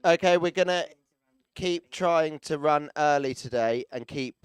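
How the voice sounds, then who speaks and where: A man announcing riders at a live event, joking and chatting with the people around him. His voice is fairly high and smooth, and it sounds dry and close on the microphone. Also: a little slow, no room sound. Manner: chatty, teasing, jokey asides to people around the arena. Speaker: arena announcer.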